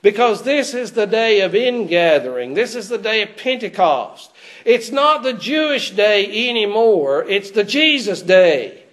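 High-voiced man preaching a sermon. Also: sing-song, unhurried, a bit bright. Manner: asks rhetorical questions of the congregation. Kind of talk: expository sermon. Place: church.

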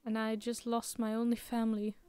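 Grieving young guy who stays hopeful, woman reading it plain, clear voice. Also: a little high, completely flat delivery, fairly quick, dark tone, faint music behind, natural voice. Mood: tender. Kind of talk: reading game dialogue aloud.

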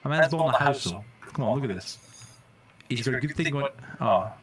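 A man doing casual live-stream commentary while playing a game, jokey and excitable, swearing when startled. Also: mid-range voice, fairly quick.

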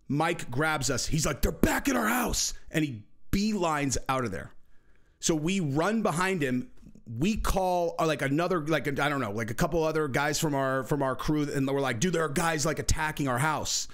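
A young man hosting a channel, telling a story in casual, profane talk, acting out other people's voices. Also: a little high. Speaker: channel host.

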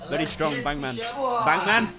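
A young man hosting a reaction video, joking, swearing and breaking into sudden shouts. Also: fairly high pitch, lively intonation, normal speed. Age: young adult. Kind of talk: casual reaction commentary. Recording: music playing underneath.

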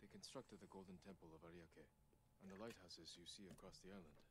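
An actor voicing a calm, reserved samurai hero in video game dialogue. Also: male voice, low-pitched, a little fast, noisy background. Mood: explaining.

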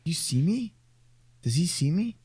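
A man's voice: a little high, sing-song, measured pace, warm tone, husky, dry recording. A man joking around during casual gameplay commentary with a friend, tossing out playful mock trash talk. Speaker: gaming YouTuber.

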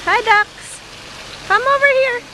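A woman's voice: very high voice, slow pace. A woman filming her young child outdoors by a pond, coaxing and encouraging in a sing-song way on a handheld camcorder. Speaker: mother filming her toddler. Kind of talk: home video chatter. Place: outdoors by a pond in cold weather. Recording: noisy outdoor home video, traffic nearby.

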